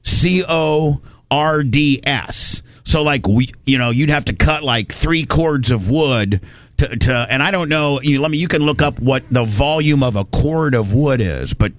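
A man's voice: medium pitch, expressive, normal speed, no echo. Folksy rambling storyteller man. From Indiana. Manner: rambling, folksy, restarts often. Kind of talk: casual storytelling.

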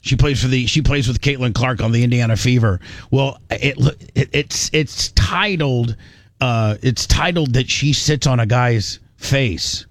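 A man's voice: mid-range voice, a little slow, dry recording. A man hosting a talk radio show, bantering crudely with frequent stammering restarts and a mock-clinical tone.

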